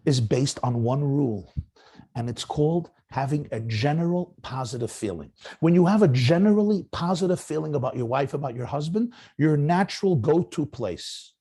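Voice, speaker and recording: A middle-aged rabbi lecturing on marriage, with a gravelly, husky voice. He talks in an animated way, swinging widely up and down in pitch. He slips into voices when he acts out what spouses say. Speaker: rabbi giving marriage guidance. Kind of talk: lecture to young married men.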